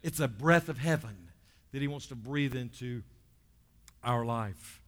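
A male pastor preaching a lively sermon, dropping low and quiet for stories and rising loud to exhort the church. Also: measured pace, big-room sound. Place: church sanctuary.

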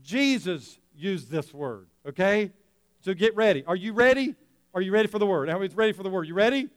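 A male pastor preaching a lively sermon, laughing often and acting out scenes for the congregation. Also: high-pitched, brisk, no echo, clean studio sound. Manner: animated, laughing often, acting out an excited dog.

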